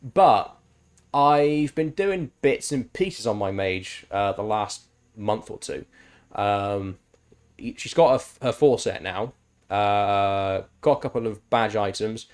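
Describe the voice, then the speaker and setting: A man's voice: lowish voice, takes it slowly, smooth. A man chatting casually and with enthusiasm while streaming a game, swearing freely. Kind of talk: casual chat while gaming.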